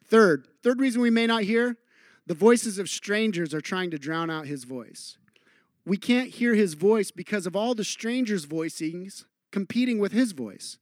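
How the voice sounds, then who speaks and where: A middle-aged male pastor with a fairly high voice delivers an earnest sermon. He drops to a near hush on key lines and playfully acts out quoted voices. The sound is dry and close, with no room around it. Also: expressive, measured pace, dry recording.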